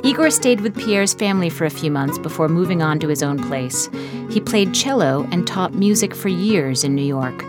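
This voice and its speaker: A woman hosting a radio show, briskly reading a scripted introduction. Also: lowish voice, lively intonation. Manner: brisk, announcing. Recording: loud music and crowd behind.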